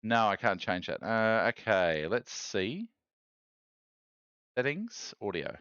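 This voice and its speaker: A man's voice: on the low side, very animated, takes it slowly, fairly bright tone, clean tone, no echo, lo-fi sound. A man streaming live, chatty and self-mocking, thinking aloud while he fiddles with his gear.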